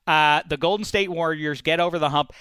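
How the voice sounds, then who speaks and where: A man hosting a casual sports debate, animated and opinionated, breaking into mocking impressions of fans. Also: a little high, brisk, clean tone, no room sound. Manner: animated, puts on mock fan voices. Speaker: sports talk host.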